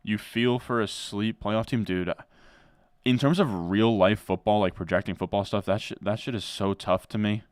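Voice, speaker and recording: Deep-voiced laid-back guy. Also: normal speed, clear, resonant tone, dry recording. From New Jersey. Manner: laid-back, says "dude" a lot, answers chat as he goes. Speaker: fantasy football streamer. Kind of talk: casual live-stream chat while drafting.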